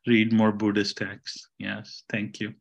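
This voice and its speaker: A middle-aged man from India sharing a story in a casual group talk, halting and self-deprecating, laughing at himself. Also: lowish voice, completely flat delivery, gravelly, dull audio. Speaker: sangha member being appreciated.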